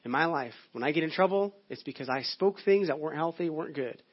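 A man's voice: on the high side, expressive, fast talker, slightly rough. A male pastor giving a sermon in a conversational, storytelling way. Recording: dull lo-fi audio.

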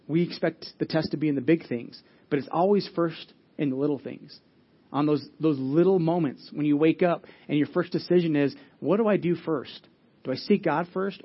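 Pastor, male, slightly high, husky voice; casual sermon delivery, muffled recording. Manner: conversational, with frequent restarts and filler words.

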